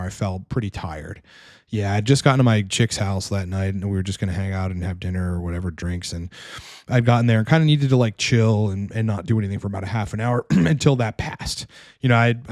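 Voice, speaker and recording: A man's voice: mid-range voice, no echo, clean studio sound. A man coaching on fitness, answering audience questions in a casual monologue, blunt and profane and rambling with frequent restarts.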